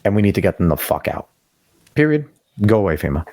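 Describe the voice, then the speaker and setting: A man's voice: deep voice, racing, warm tone, no echo, clean studio sound. A man co-hosting a podcast over a video call, ranting emphatically with profanity and sudden rising outbursts. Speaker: podcast co-host. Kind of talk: casual opinion podcast chat.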